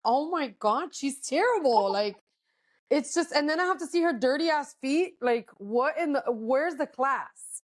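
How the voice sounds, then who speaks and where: Speaking a little slowly, a high-voiced woman with lively intonation gossips in casual conversation as a podcast co-host. Her talk is full of profanity, with Spanish words mixed into her English.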